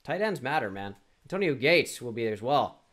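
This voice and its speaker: This young man's medium-pitched voice is sing-song and fairly bright, and he talks fairly quickly. A gaming YouTuber, he mutters through a sports quiz, restarting and mocking himself along the way.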